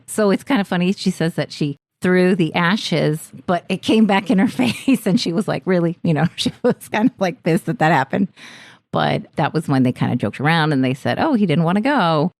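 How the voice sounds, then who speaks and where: A woman podcast host retelling a haunting story in a casual, animated way, laughing often. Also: on the low side, moderate pace, gravelly, dry recording.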